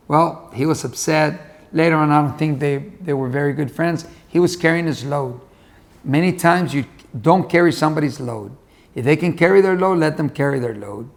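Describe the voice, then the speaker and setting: A man delivering a motivational talk to camera, folksy and conversational, circling back to repeat his lesson. His voice is gravelly, with a fair amount of creak, and sits a little higher than most men's. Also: moderate pace. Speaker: motivational speaker. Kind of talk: motivational storytelling monologue.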